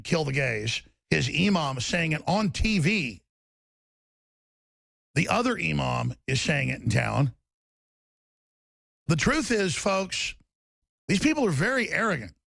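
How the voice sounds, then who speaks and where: Man, talk show host, angry rant, shouting, gravelly, dry sound. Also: fairly high pitch, no room sound. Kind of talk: heated talk radio rant.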